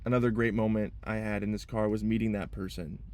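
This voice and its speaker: A man's voice: lowish voice, little pitch movement, quick pace, darkish tone, clean tone. A young man talking to camera from inside his car in a rambling personal vlog, repeating himself and holding back tears. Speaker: vlogger.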